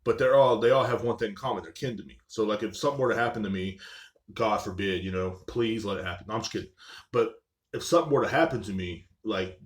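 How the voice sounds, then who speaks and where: Young male podcast host, slightly low voice; loose, profane, rambling solo storytelling. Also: quick pace. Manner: rambling, profane, filler-heavy with "like" and "you know what I'm saying".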